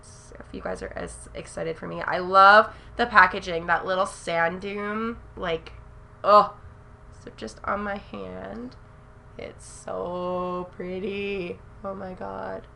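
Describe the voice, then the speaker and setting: A young woman reviewing makeup on camera in a casual, gushing way, often gasping in excitement. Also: mid-range voice, takes it slowly, gravelly, a little hiss or hum. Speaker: beauty vlogger.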